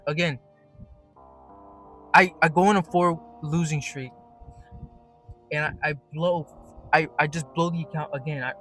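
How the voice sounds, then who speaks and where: A man's voice: fairly high pitch, fairly bright tone. Rambling, profane young man vlogging. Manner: profane, rambling, many restarts. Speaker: day trader vlogger. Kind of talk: casual monologue. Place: at work.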